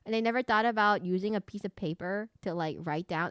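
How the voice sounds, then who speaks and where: A woman with a brisk, clear, resonant mid-range voice streams a video game as a VTuber, chatting casually through casual gameplay commentary. She restarts and corrects herself a lot and giggles often. The audio is studio quality with no echo.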